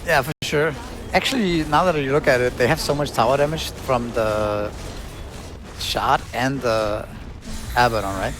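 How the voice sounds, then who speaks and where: A man giving measured, analytical color commentary on an esports match. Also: medium pitch, background noise. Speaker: esports co-caster.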